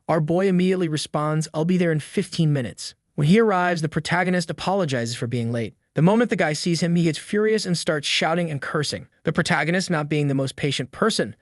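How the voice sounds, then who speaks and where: A man's voice: fairly high pitch, a little fast, hardly any pauses, dry recording, studio quality. Wry man narrating a comic recap. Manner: wry, joking asides to viewers. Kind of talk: scripted story recap narration with asides.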